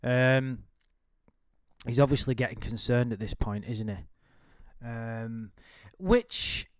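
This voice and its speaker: A man's voice: medium pitch, slow pace, no room sound, clean studio sound. Sweary, rambling man. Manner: sweary, rambling, frequent restarts and laughs. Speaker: commentator reading chat logs. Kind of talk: casual ranting commentary.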